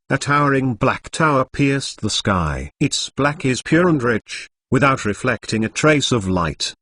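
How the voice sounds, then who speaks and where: Man narrating a novel, lively pitch. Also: dry recording.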